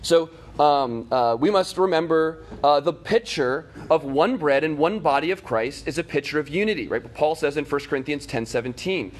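A man's voice: on the high side, expressive, normal speed, few pauses. A man teaching a catechism class, talking casually to his students with many fillers, restarts and "right?" check-ins. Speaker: Bible teacher.

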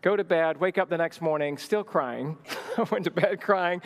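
Animated man telling a story, hall reverb. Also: fairly high pitch, moderate pace. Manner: animated storyteller acting out dialogue. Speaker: speaker at a marriage teaching session. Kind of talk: storytelling talk.

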